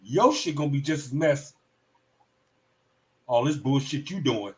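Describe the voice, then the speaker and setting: Delivering heated, profane commentary on a live stream he hosts, a man speaks at a measured pace in a mid-range voice. He's animated and occasionally drops into mock voices.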